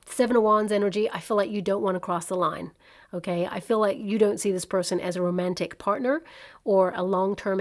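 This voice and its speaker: A woman's voice: mid-range voice, darkish tone. A woman giving a casual tarot reading to camera, chatty and reassuring, thinking aloud with plenty of fillers. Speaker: tarot reader.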